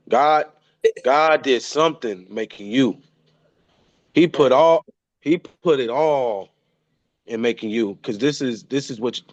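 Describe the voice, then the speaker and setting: A man's voice: medium pitch, no room sound, dull audio. Man in his thirties giving an emotional tribute. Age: 30s. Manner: emotional, repeats and restarts phrases. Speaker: son paying tribute. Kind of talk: heartfelt spoken tribute.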